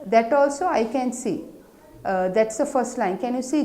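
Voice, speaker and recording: A woman's voice: a little high, moderate pace, dark tone. A woman teaching an English lesson to young children, explaining patiently and checking understanding with tag questions. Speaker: primary school teacher.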